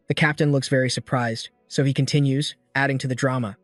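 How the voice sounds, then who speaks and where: A man's voice: mid-range voice, steady tone, a little fast, dry recording, faint music behind. Man reading a comic recap. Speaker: recap narrator. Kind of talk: scripted narration.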